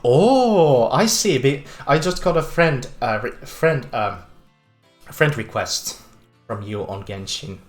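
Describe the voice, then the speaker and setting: A game streamer with a Finnish accent, casually chatting with viewers, excitable and laughing often. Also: medium pitch, slow pace, soft background music. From Finland. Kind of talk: casual livestream game commentary.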